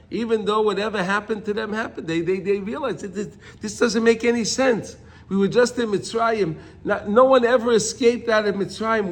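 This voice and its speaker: High-voiced man teaching a Torah class. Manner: reads Hebrew text then explains it in English, with many restarts and repetitions; animated, cries out loudly when acting out a prayer. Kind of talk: Torah class, reading and translating.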